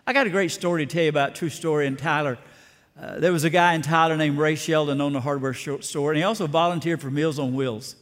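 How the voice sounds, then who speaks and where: A pastor gives a folksy, storytelling sermon. His man's voice sits a touch high for a man. It rings out with a long echo as though he is in a large sanctuary. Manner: folksy, storytelling, down-to-earth preaching. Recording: long hall reverb.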